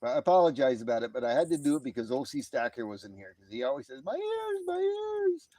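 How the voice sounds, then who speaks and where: A man's voice: medium pitch, very fast, warm tone, dry recording. A man hosting a casual late-night live stream, talking outdoors in a laid-back way, chuckling often and reading out chat messages.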